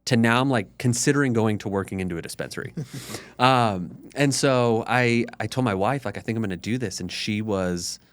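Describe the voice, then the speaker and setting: A man's voice: medium pitch, moderate pace, smooth, dry recording. A man in his thirties, a podcast guest, telling his story in a candid, conversational way full of "like". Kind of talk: casual storytelling interview.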